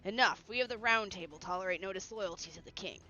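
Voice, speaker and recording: Woman voicing a cold male knight, formal, clipped, bright tone, dull lo-fi audio, faint music behind. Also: medium pitch, fast talker, lightly acted. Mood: stern.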